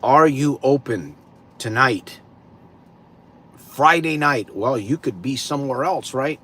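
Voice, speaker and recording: A man hosting a live stream, greeting viewers and slowly posing reflective questions to them. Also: medium pitch, expressive, sharp tone, slight background noise. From California. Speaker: livestream host.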